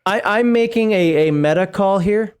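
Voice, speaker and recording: High-voiced chatty man reading rules. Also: moderate pace, clear, resonant tone. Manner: chatty, laughs often, trails off into asides. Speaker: co-host of a tabletop game livestream. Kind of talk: casual chat while reading a rulebook aloud.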